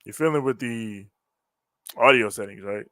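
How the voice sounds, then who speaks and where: A man co-hosts a live wrestling reaction stream from home, chatting casually, rambling, swearing freely, and laughing often. His mid-range voice has a fairly bright tone and moderate pace, captured in clean, echo-free studio sound.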